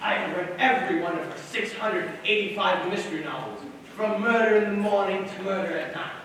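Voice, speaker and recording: A man's voice: high-pitched, fairly quick, fairly bright tone. A man on stage playing a pompous, flirtatious detective, recorded from far off in an echoey hall. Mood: flattering. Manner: grandiose, flirty. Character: pompous flirtatious male detective, mock-French. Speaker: stage actor. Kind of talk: stage play acting. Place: theater stage.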